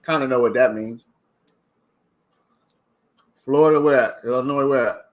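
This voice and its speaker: A man's voice: medium pitch, normal speed. Chatty man hosting a livestream. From Maryland. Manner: chatty, reading viewer comments aloud. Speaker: livestream host. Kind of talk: casual livestream chat.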